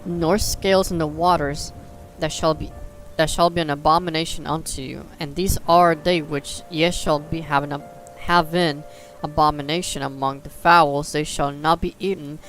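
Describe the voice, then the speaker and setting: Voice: mid-range voice, fairly even intonation, normal speed, a bit bright, faint music behind. A livestreamer reading scripture aloud in a casual way, tripping over old words and restarting. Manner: breaks off into joking asides.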